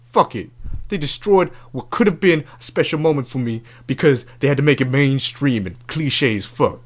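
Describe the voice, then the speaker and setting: A man's voice: medium pitch, normal speed, close to an everyday voice. A man playing a brash, crude love-advice doctor in a comedic podcast bit, talking in swaggering, profane slang.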